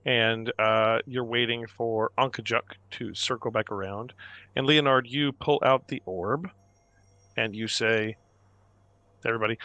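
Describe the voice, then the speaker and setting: A man running a tabletop game as game master, narrating in an unhurried way with many pauses and fillers. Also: mid-range voice, steady tone, pushed and bright, no echo.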